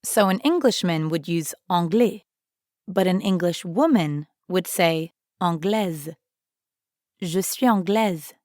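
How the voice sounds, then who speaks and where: A woman co-hosting a scripted language lesson, speaking clearly and encouragingly. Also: fairly low pitch, slow pace, darkish tone, dry recording, clean studio sound. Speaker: French teacher.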